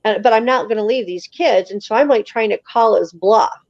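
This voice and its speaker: A woman's voice: a little high, brisk, no echo. Emphatic woman storyteller on dull dry audio. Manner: animated, emphatic, acts out quoted voices. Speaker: guest telling her encounter story. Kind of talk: casual spoken storytelling on a live show.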